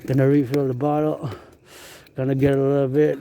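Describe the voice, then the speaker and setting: A man's voice: medium pitch, flat delivery, brisk, mellow, smooth. A man leading a chanted marching cadence in rhythmic, sing-song loose rhymes, breaking off now and then into loose asides.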